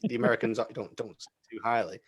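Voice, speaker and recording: A man's voice: medium pitch, steady tone, fast talker. A man from England with an English accent, chatting casually as a podcast guest with a laughing, easygoing manner.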